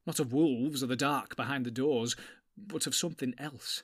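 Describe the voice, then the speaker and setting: A man's voice: medium pitch, normal speed, husky, natural voice. A man voicing a small, fearful young male hobbit who speaks anxiously and pleadingly in a storybook reading. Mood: afraid.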